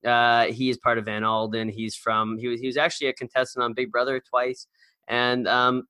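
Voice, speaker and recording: A man's voice: medium pitch, completely flat delivery, moderate pace, pushed and bright, smooth, dry recording. A man co-hosting a podcast in casual chat, rambling and storytelling with lots of fillers and restarts. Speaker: podcast co-host.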